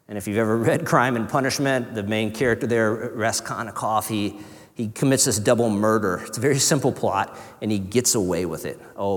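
A man preaching a sermon in an earnest, conversational way, sometimes dropping to a hush. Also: on the low side, normal speed. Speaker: pastor. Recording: reverberant hall.

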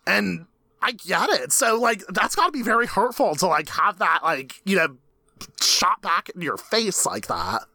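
Animated, bright-voiced male podcast co-host. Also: high-pitched, unhurried, gravelly, no room sound. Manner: animated, laughs often, recaps scenes with lots of "like". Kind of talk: casual chat.

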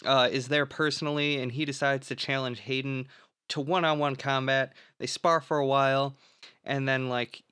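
A man's voice: medium pitch, flat delivery, moderate pace, pushed and bright, smooth, no room sound, clean studio sound. A young man co-hosting a casual podcast, recapping a film plot in a rambling, filler-heavy way and swearing freely.

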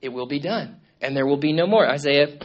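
A man's voice: a little high, fairly quick, dull audio. A man preaching a sermon to a congregation in a room. He speaks conversationally, often checks in with "okay?" and "right?", and repeats words and restarts his phrases. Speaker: pastor.

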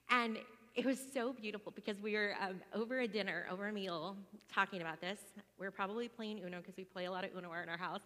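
A woman in her thirties talks through a personal story in a loose, meandering way, often restarting her sentences and filling pauses. Her voice sits at a middle pitch and carries a long reverb tail, as if she is in a large space. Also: bright, forceful tone. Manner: rambling, with many fillers and restarts. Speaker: single mom sharing a testimony.

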